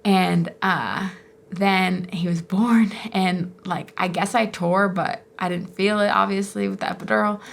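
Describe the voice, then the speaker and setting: A woman's voice: on the low side, creaky. A young woman telling a personal story in a casual, chatty way, full of fillers and small laughs. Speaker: vlogger sharing her birth story.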